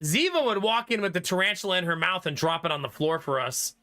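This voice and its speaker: A man's voice: high-pitched, expressive, fast talker, sharp tone. A man streaming a game, chatting casually with his viewers, laughing often and answering their comments. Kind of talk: casual live-stream chat.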